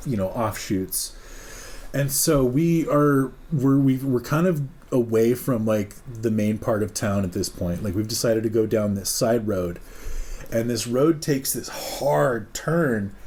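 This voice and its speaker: A man's voice: medium pitch, a little slow, darkish tone. A man from Oregon telling a story in a casual, rambling, profane way, full of "like" and "dude". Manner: rambling, profane, laid-back, many "like"s and "dude"s. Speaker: podcast co-host.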